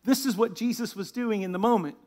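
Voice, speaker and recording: A man's voice: high-pitched, brisk, dark tone. A man serving as lead pastor, praying and then preaching a sermon in church with an emphatic delivery that builds as he goes. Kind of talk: sermon with opening prayer.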